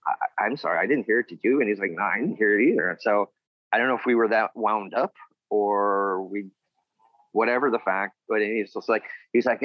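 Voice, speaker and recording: A man's voice: fairly low pitch, brisk, no room sound, highs cut off. A man, a former wrestler, telling rambling stories in a casual interview and acting out what others said. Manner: rambling, acts out quotes of others.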